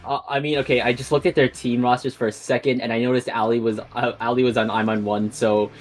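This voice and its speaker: A man with a mid-range voice calls a live online video game tournament as an esports commentator, with soft music playing behind him. His play-by-play is rapid and excited, and he laughs along with the action.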